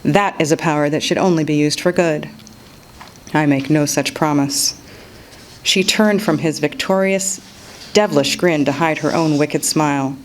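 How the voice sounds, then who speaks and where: A woman reading an excerpt of her own novel aloud in a measured storytelling manner. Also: low voice, slight background noise, low-quality recording. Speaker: author reading her work.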